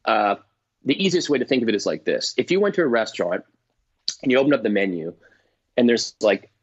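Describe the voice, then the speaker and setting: A middle-aged man, a comedian guest, telling stories in casual chat, animated and swearing, acting out voices. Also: on the low side, a little fast, husky. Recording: dull lo-fi dry sound.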